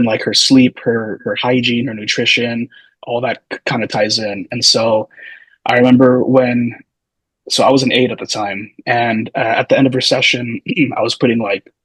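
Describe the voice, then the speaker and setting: A man in his thirties tells stories in a relaxed, rambling way as a podcast guest. His voice has a slightly husky edge, and the recording is close and dry, with no room sound. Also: medium pitch, normal speed, no room sound, poor audio. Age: 30s. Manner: loose, meandering, full of hedging asides. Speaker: podcast guest, physical therapy student. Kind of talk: casual storytelling.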